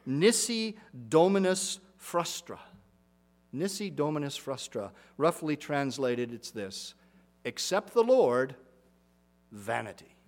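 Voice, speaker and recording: A middle-aged man, a pastor, preaching a sermon in an earnest, emphatic way, repeating phrases for weight. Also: medium pitch.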